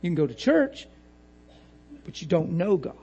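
Husky high-voiced man preaching with laughs. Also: sing-song, normal speed, a little mellow, lo-fi sound. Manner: playful, laughing often, acts out voices. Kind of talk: sermon.

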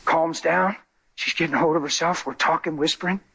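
Male preacher, fairly high husky voice, lively storyteller. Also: fairly quick. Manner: animated, acts out people in his stories. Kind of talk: sermon with storytelling.

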